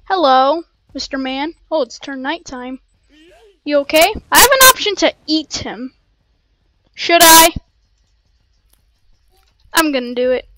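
A woman casually commentating her gameplay in an excitable, rambling way, full of playful slang, on a cheap home mic. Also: sits high, unhurried, pauses often. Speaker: gameplay streamer. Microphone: cheap desk mic.

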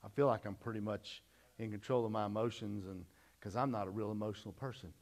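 Middle-aged man, pastor giving a sermon; lower voice, folksy testimony, dynamic swings. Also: steady tone, quick pace, vocal fry. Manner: folksy storytelling testimony, swings from loud to hushed.

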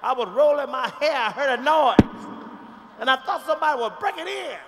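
A man voicing a gossipy middle-aged woman relative who keeps retelling how someone died, in a shrill, drawling, repetitive way, on a live stage. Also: brisk, creaky, noisy background. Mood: frantic. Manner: repetitive, breathless storytelling. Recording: live stage show in a large hall.

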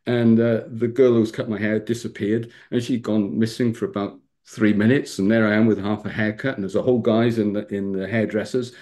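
A middle-aged man, a pastor, tells stories on a video call in a lively way, laughing often and acting out the people he talks about. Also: fairly low pitch, brisk, hardly any pauses. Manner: lively storyteller who laughs and acts out the people in his stories. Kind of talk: storytelling talk on a video call.

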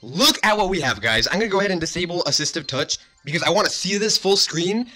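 A man's voice: high-pitched, lively intonation, fast, sharp tone. A young man giving gushing, overexcited commentary while playing a mobile game. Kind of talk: excited gameplay commentary.

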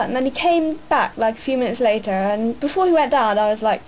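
Young woman, excitable rambling vlogger, somewhat high pitch, faint noise behind. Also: fairly quick, poor audio. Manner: hyper, rambling, many fillers. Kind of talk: casual vlog chat.

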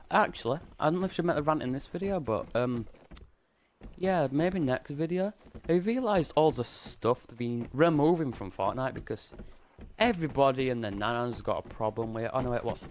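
A man's voice: medium pitch, a little hiss or hum. A man doing casual, rambling gameplay commentary, jokey and full of swearing. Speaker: gaming YouTuber. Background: game music.

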